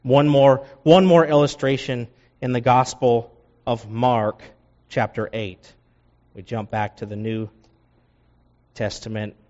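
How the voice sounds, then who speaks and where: Expressive male preacher, lo-fi sound. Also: slow, long pauses. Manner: expressive, rising loud and high for emphasis, dropping low for asides. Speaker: pastor. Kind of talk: sermon. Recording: dull lo-fi sound.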